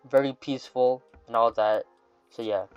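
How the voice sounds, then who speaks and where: A man's voice: mid-range voice, steady tone, normal speed, clear, resonant tone, faint music behind. A man narrating a fantasy storyline in a casual scripted way, with offhand asides. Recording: dull lo-fi dry recording.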